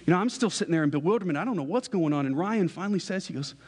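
A young man preaches in a slightly high voice, telling a story in a loose, conversational way. His words ring out with a long reverb, as if he is in a large church hall. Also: expressive, very fast, hardly any pauses, a little mellow, slightly rough. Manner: casual storytelling, acts out quoted dialogue. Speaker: pastor. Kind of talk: sermon illustration. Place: church sanctuary.

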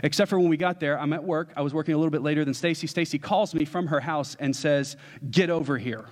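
Man, pastor, slightly high voice, lively joking story in the sermon, long hall reverb. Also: quick pace. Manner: animated, joking, addresses the congregation.

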